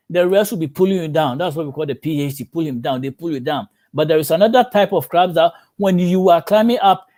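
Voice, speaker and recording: Man preaching, higher voice. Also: darkish tone. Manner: storytelling preacher acting out quoted voices. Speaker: pastor. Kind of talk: sermon.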